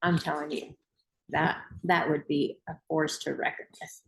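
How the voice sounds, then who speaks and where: A woman's voice: sits low, level tone, moderate pace, creaky, low-quality recording. A woman hosting a book club, reading aloud and giving an emphatic, rousing motivational talk.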